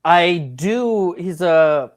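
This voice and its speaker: A man's voice: high-pitched, lively intonation, extremely slow. A man from New Jersey, a guest filmmaker on a podcast, speaking casually with wry remarks. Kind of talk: casual chat.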